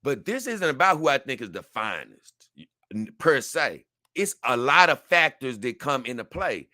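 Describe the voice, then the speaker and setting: Young male streamer, bright and forceful, dry close mic, reads chat and rambles with laughs. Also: mid-range voice, very animated, moderate pace, dry recording. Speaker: livestream host reading viewer comments. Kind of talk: casual livestream chat.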